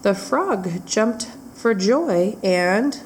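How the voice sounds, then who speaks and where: A woman's voice: medium pitch, expressive, a little hiss or hum. A woman reading a rhyming picture book aloud at a library storytime. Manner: slow, rhythmic rhyming read-aloud.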